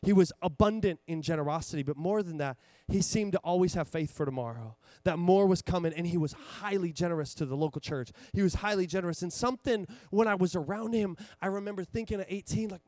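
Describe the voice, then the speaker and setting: A young man in his twenties preaching, telling a story with lively, rambling energy and many restarts. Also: high voice, quick pace, few pauses, dry recording. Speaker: pastor. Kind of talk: sermon. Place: church.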